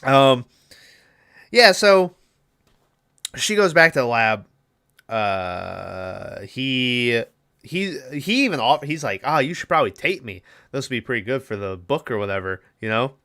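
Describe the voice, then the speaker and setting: With a mid-range, fairly bright voice, this young podcast co-host is very animated though a little slow. He recaps a movie in a rambling, profane, casual way and performs its lines.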